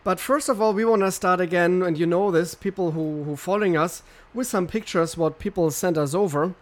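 A man with a German accent hosting a casual podcast chat, enthusiastic and quick with restarts. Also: high-pitched. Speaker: water sommelier podcast host.

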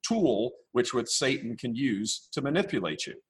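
A man speaking as a podcast guest, blunt and forceful, repeating himself as he rambles. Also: mid-range voice, very animated, moderate pace, slightly rough. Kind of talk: casual interview.

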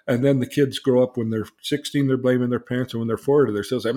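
A man's voice: fast talker, creaky. A man, a therapist, telling a client's story in casual conversation and acting out the quoted lines. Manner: animated, acts out quoted dialogue with rising pitch. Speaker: therapist, podcast host.

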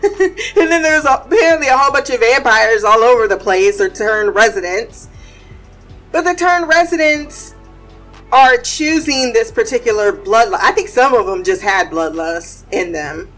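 A woman talking casually about a TV series, animated and blunt, laughing and swearing as she goes. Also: on the high side, poor audio. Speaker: TV series commentator. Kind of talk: casual reaction commentary.

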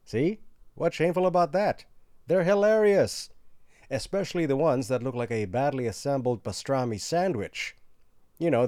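A man delivering a sarcastic comedy monologue, swinging between loud outbursts and hushed asides. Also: mid-range voice, no room sound, studio quality.

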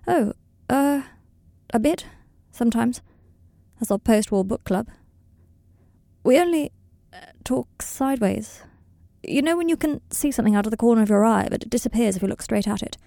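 A woman's voice: a little high, expressive, moderate pace, vocal fry, warm tone, dry recording, voice pushed up. Woman voicing a nervous, wry young man.

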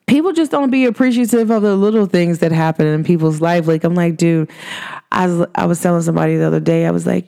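A woman's voice: on the low side, quick pace, gravelly, dark tone, smooth. A woman from Cincinnati hosting a podcast, talking to her listeners in a casual, slangy way, laughing often and acting out what people said. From Cincinnati, USA. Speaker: podcast host.

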